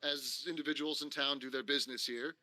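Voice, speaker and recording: A man's voice: medium pitch, fairly even intonation, fairly quick, pushed and bright, dry recording. A man voicing a lean, balding, friendly middle-aged shopkeeper in a tabletop game. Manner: jovial, then wary and grumbly.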